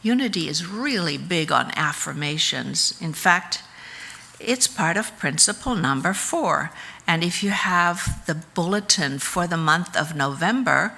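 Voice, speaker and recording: A low-pitched woman speaks slowly and gently, teaching a congregation in a measured, unhurried way. Her tone is bright and clear despite the low register, and she gives each phrase room to settle. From United States. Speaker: speaker at a church service.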